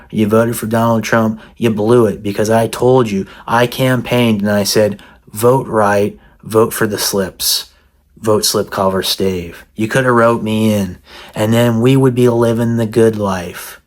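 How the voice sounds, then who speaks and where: A man's voice: mid-range voice, fairly even intonation, measured pace, a little mellow. A man giving a mock-serious, sarcastic comedic rant to the camera as a vlogger. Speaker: satirical vlogger.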